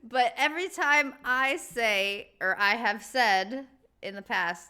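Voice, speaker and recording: A woman's voice: a little high, normal speed, bright, forceful tone, smooth. A woman hosting a reaction video, chatting casually and animatedly with laughing asides.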